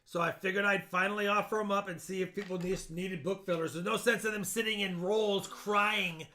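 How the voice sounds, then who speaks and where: A man's voice: high voice, steady tone, brisk, pushed and bright. A man hosting a live coin auction stream, chatting casually and joking about the coins as he shows them. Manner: chatty, jokey, talks coin grades and dates.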